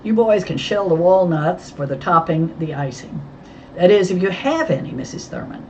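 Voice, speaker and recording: A woman reading the part of a calm, capable young woman detective who reasons things through. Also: fairly low pitch, normal speed, muffled recording, slight background noise.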